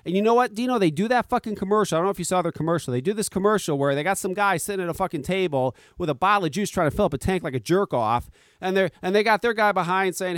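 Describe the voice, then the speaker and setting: A man's voice: sits high, fairly bright tone, no echo, clean studio sound. A man hosting a talk radio podcast, ranting sarcastically with heavy swearing. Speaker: podcast host.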